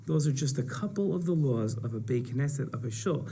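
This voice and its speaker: A man's voice: mid-range voice, lively intonation, fairly quick, creaky, dark tone, slight background noise. A man explaining rules to children in a casual teaching manner, asking rhetorical questions as he goes.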